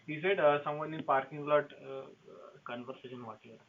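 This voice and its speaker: A man at a motel front desk answers in brief, hesitant replies, with a slightly high voice. The sound is a tinny phone line with faint hiss behind it. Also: fairly even intonation, quick pace. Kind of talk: phone call.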